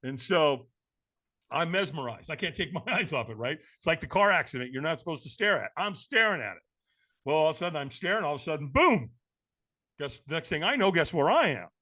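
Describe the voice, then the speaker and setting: A man who is a podcast guest, telling a story in an energetic, emphatic way and acting out the other people in it. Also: fairly high pitch, brisk. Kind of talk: animated storytelling.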